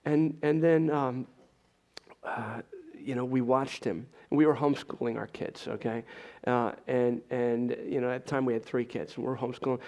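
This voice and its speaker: A middle-aged man preaching a sermon in a conversational storytelling way, often clearing his throat and restarting his sentences. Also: mid-range voice, steady tone, normal speed, warm tone. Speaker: pastor.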